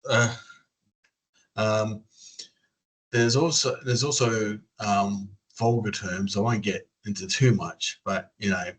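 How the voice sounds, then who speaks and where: Australian man, lower range, casual interviewee, lots of fillers, video call. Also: steady tone, slow pace, low-quality recording. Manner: rambling, many fillers and restarts.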